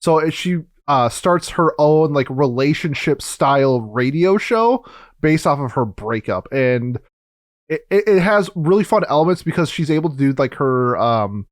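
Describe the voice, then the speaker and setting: Casting: slightly high-voiced male podcast co-host, rambling casual chat, dry close-miked sound. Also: normal speed, no echo. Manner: animated, rambling with fillers.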